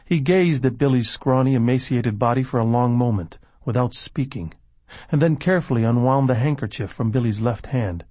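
A man narrating a novel in a measured storytelling manner. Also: medium pitch, dark tone, dry recording. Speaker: audiobook narrator. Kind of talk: scripted narration.

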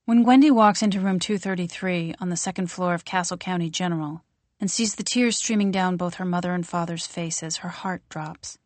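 A woman narrates an audiobook in an even, descriptive way, with a voice slightly low for a woman. The sound is close and dry, with no room around it. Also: normal speed, no echo. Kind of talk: scripted narration.

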